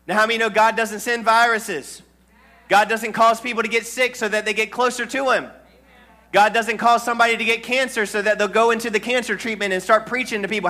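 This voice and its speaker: A man's voice: high-pitched, sharp tone. A male pastor preaching a sermon to a congregation in church, calling for amens and asking the room questions. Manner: call-and-response preaching to a congregation.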